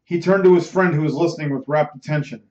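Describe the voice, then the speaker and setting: A man reading a novel aloud as host of a bedtime reading show, measured and dramatic. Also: a little high, darkish tone. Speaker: audiobook reader, host. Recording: roomy, slightly muffled recording.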